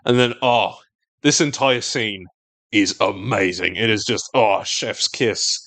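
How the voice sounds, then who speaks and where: Animated man recapping a show. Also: lowish voice, slow pace, no room sound. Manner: animated, acts out quotes in silly voices. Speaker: podcast co-host recapping a TV episode. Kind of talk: casual recap chat.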